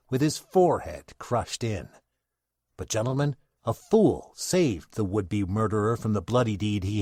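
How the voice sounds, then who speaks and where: Male narrator, old-time radio style, theatrical, lively, dry close sound. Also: medium pitch, no echo. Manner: theatrical, expressive storyteller.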